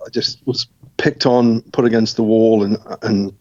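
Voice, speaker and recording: A middle-aged man telling his life story as an interview guest, reflective, with soft laughs. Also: fairly low pitch, steady tone, unhurried, no echo. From Scotland, raised partly in South Africa and England. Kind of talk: personal testimony in an interview. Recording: dull, lo-fi sound.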